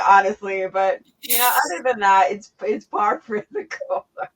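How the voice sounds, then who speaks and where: A woman's voice: mid-range voice, normal speed, few pauses. Blunt, profane woman, lo-fi sound. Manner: blunt, profane, animated storytelling. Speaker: interview guest, former wrestler. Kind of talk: casual chat. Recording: dull lo-fi sound.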